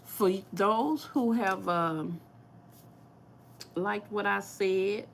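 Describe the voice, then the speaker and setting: A woman's voice: mid-range voice, drawn-out words, gravelly, slight background noise. A woman with a St. Louis accent chatting casually to viewers on a live cooking vlog, laughing often. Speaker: cooking vlogger. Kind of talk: casual live-stream chat.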